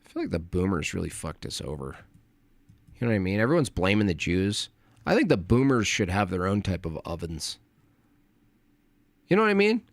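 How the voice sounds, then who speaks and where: A man's voice: low voice, very animated, a little fast, long pauses, no echo. Profane rambling male livestreamer. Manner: rambling, profane, trailing off into mutters. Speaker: livestream host. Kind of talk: late-night livestream rant.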